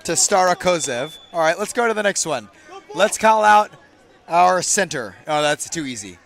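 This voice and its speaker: A high-pitched man commentates a game from the booth with a bright, forceful tone. He jokes around between plays and suddenly gets loud when a big catch or throw happens. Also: moderate pace, some chatter behind. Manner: excitable, jokey, bursts loud on big plays. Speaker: sports commentator. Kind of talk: play-by-play commentary with banter. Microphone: booth microphone.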